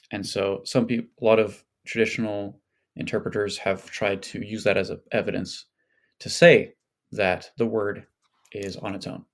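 A man as a podcast guest, explaining things in a casual scholarly way with many fillers and hedges. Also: fairly low pitch.

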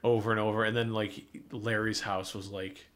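A man's voice: lowish voice, little pitch movement, moderate pace, a bit bright. Casual podcast guy saying "like" a lot. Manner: loose, profane, heavy use of "like". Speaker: podcast co-host. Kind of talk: casual chat.

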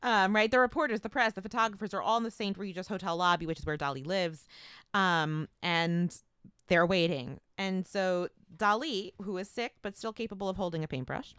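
A woman's voice: medium pitch, normal speed, a bit bright, clear, resonant tone, dry recording, studio quality. A woman co-hosting a podcast, telling a history story in casual chat and reading out article passages, laughing easily. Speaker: podcast co-host.

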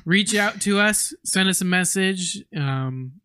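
A woman's voice: medium pitch, expressive, takes it slowly, fairly bright tone, smooth, no room sound, clean studio sound. A woman co-hosting a casual faith podcast, easygoing and agreeable. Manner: easygoing, agreeable, lots of short affirmations. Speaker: podcast co-host.

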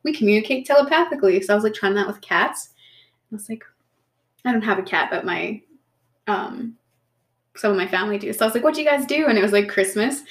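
A woman's voice: medium pitch, fast, pauses often. Chatty swearing woman in an echoey room. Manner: chatty storyteller, swearing, laughing often. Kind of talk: casual chat.

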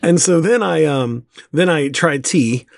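A man's voice: on the high side, unhurried, creaky, noisy background. A young man and father telling funny stories in a casual chat, acting out what people said and laughing often. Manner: animated storyteller acting out quoted dialogue, laughs often.

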